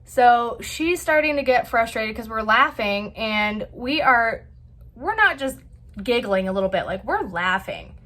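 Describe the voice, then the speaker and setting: A woman hosting a vlog, telling a family story in a chatty, animated way with lots of filler words. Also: fairly high pitch, a little slow. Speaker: vlog host. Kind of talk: casual storytelling.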